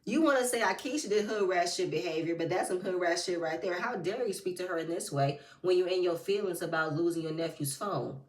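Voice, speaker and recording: A woman's voice: on the low side, brisk, hardly any pauses, reverberant, far from the mic. A woman giving blunt, profane, heated commentary as she recaps a reality TV reunion. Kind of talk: casual commentary.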